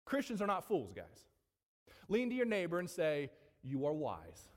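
A man preaching a sermon to his congregation, animated, with frequent asides to the room. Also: on the high side, normal speed, in a large hall. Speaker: pastor. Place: church sanctuary.

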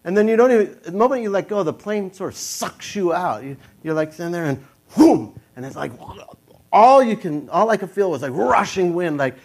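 A young man telling a personal story in a casual, animated way, jumping into a high, panicky voice when quoting his own thoughts. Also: fairly quick.

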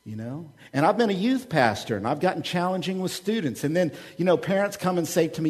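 A pastor from Oklahoma preaches in a slightly high voice. He moves between near-whispered asides and loud, animated bursts, joking as he goes. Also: fairly quick, hardly any pauses, husky. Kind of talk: sermon.

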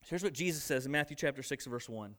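A man preaching a sermon, reading scripture and acting out boastful people in lively asides. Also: mid-range voice, fast. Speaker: pastor.

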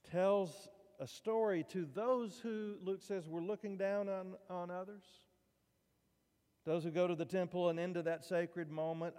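A man's voice: fairly high pitch, a little mellow. A man preaching a sermon as pastor, in a conversational, folksy way, with asides to the congregation. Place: church sanctuary. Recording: church hall reverb.

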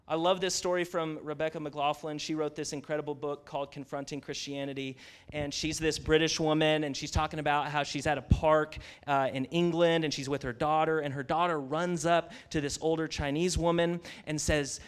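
Male preacher, chatty and eager, somewhat high-pitched. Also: fairly even intonation, moderate pace, smooth. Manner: conversational, enthusiastic, says "y'all". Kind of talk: sermon.

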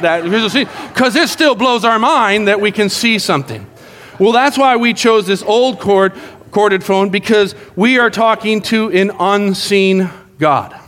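A middle-aged man preaching a sermon to his church, an animated storyteller who jokes and acts out what people say. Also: high-pitched. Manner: animated, joking storyteller acting out quotes. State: out of breath. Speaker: pastor. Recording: long hall reverb.

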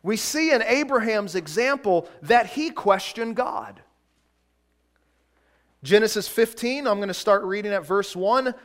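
A man preaching a sermon in a deliberate way, swinging between loud emphasis and quiet, hushed lines. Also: high voice, expressive.

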